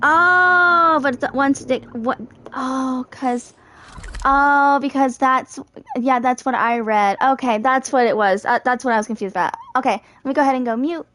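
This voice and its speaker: A woman's voice: high-pitched, steady tone, normal speed, slight background noise. A woman playing a video game and chatting casually, thinking aloud with lots of fillers. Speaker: game streamer. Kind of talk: casual gameplay commentary.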